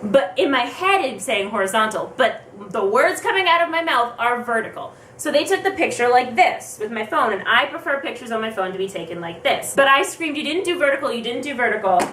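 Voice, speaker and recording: A young woman vlogger telling a story fast and excitedly, acting out her own thoughts as she goes. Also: fairly high pitch, a little hiss or hum. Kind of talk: casual storytelling. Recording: roomy, distant from the mic.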